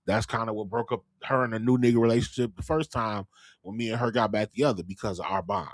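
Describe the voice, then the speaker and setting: A man speaks in with a fairly low voice, restarting words as he tells frank stories. He jokes like the comedian he is. The recording is dry and close. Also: steady tone, fast, dry recording. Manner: stammers and restarts, frank storytelling. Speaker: comedian co-host. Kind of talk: casual podcast banter.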